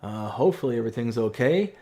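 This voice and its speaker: A man in his thirties streaming a farming game live, chatting excitably and reading viewer messages aloud. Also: mid-range voice, quick pace. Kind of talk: live stream chat while playing.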